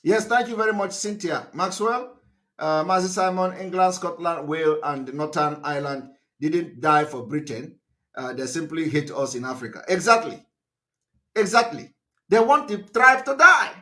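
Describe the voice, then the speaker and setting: A man's voice: animated, normal speed, pushed and bright. A man giving a live political broadcast, emphatic and repetitive, firing rhetorical questions at his listeners. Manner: fillers and restarts, pitch swings up and down.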